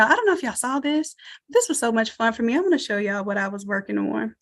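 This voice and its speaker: Southern woman, slightly high voice, energetic webinar instructor who cheers on her viewers, computer mic on a video call. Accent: Southern American. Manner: energetic, encouraging, addresses audience as y'all. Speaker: online design course instructor. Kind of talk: live webinar teaching and promotion.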